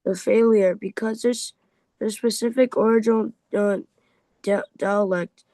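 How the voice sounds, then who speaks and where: A man's voice: sits high, steady tone, measured pace, warm tone, dry recording, poor audio. A man reading aloud in a Bible class, stumbling over words and restarting often.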